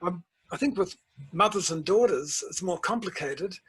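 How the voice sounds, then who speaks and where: An older man, a guest author and principal telling stories in a measured, reflective interview. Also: high voice, expressive, fairly bright tone, slightly rough, low-quality recording. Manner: measured storytelling, tells anecdotes.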